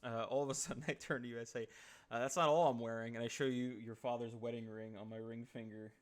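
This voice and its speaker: A man's voice: mid-range voice, flat delivery, fast. Male streamer, improvising comedy, casual, swears a lot, home desk mic. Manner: casual, profane, playful. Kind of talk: improvised comedic role-play.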